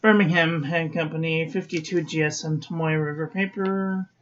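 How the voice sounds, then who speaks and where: A woman calmly reviewing fountain pen ink in a chatty vlog, often correcting herself as she talks to her viewers. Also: low-pitched, normal speed, muffled recording, a little hiss or hum. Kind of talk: unhurried product review.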